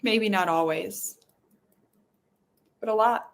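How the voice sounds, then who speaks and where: A woman's voice: mid-range voice, slow pace, creaky. A woman hosting a podcast, guiding listeners through an emotional release exercise in a pleading, repetitive way. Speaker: podcast host.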